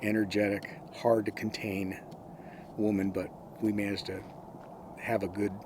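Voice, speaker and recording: A man's voice: on the low side, level tone, unhurried, background noise. A man in his sixties from San Francisco, a former record executive, telling anecdotes in an easygoing interview and often quoting others. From San Francisco, USA. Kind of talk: storytelling interview.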